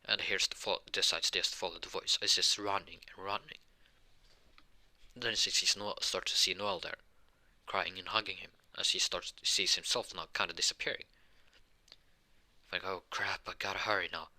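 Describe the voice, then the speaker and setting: Low, bright-voiced man rambling through a story. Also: steady tone. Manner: rambling, halting, with many restarts and "like" fillers. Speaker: fan storyteller. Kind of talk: improvised fan-fiction narration.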